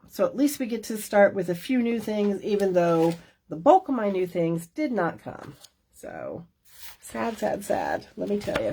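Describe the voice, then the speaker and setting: A middle-aged woman, a stamping demonstrator, hosts a crafting class as a casual show-and-tell, chatting folksily with many fillers and asides. Her voice is fairly low-pitched with a darkish tone, and there's slight background noise.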